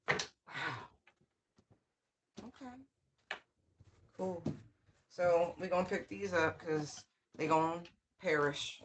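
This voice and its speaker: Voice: medium pitch, noisy background. A tarot reader giving a casual channeled reading, full of slang and swearing, who scolds with sassy call-outs and repeated phrases. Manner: slang-heavy, swears freely.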